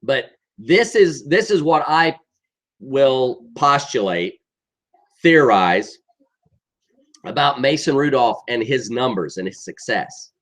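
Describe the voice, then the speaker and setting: A man's voice: medium pitch, animated, slow, a bit bright. A middle-aged man giving an exasperated, emphatic football rant, often tagging sentences with "okay?". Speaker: sports commentator.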